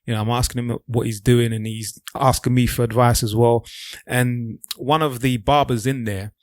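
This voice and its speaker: A man's voice: medium pitch, fairly even intonation, moderate pace, no echo, clean studio sound. A man speaking earnestly in a casual podcast chat, often checking that others follow. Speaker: podcast co-host.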